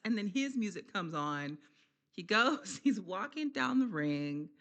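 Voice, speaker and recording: A woman giving a casual, chatty wrestling recap vlog, laughing often and filling pauses with slang and ums. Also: medium pitch, big pitch swings, fairly bright tone.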